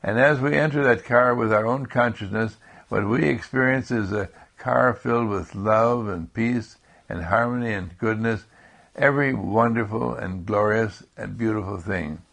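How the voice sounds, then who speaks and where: A man giving a calm spiritual talk in slow, repetitive affirmations. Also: lowish voice, gravelly. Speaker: spiritual speaker.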